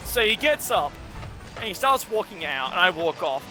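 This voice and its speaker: A young man with a high, bright voice tells a long, rambling, sweary story while he plays a video game with friends. Soft music runs under his talk. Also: animated, moderate pace. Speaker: streamer and gamer. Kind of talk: casual storytelling while gaming.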